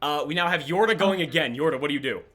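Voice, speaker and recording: A man narrating as game master of a tabletop game, rambling and animated. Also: a little high, quick pace, music in the background.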